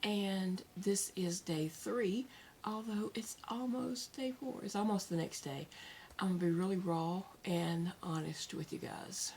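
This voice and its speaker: A woman with a Southern American accent talking casually to her viewers at home, candid and soft-spoken with pauses and fillers, emotional after crying. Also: medium pitch, slight background noise. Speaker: vlogger. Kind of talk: casual vlog talk to camera. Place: at home, indoors.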